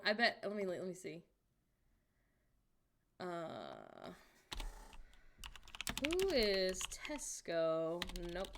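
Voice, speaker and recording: A woman streaming, chatting casually and reacting wryly out loud to what she finds while browsing online. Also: on the low side.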